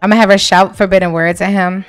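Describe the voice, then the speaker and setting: A young woman hosting a casual let's-play, commenting in an animated, profane way and hyping up the drama. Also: medium pitch, fast talker, clean tone, dry recording. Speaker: gaming video host. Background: faint background music.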